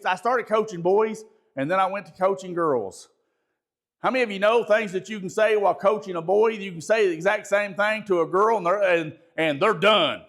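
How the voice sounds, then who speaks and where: Middle-aged male bishop leading a class, naturally loud and emphatic, pitched high for a man. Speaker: bishop teaching a ministry training session. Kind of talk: spoken teaching lecture.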